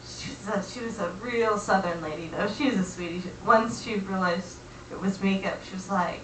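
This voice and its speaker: A young woman telling a comic personal story in a chatty, animated way, acting out quoted voices. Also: medium pitch, moderate pace, roomy sound, far from the mic, a little hiss or hum, rough recording.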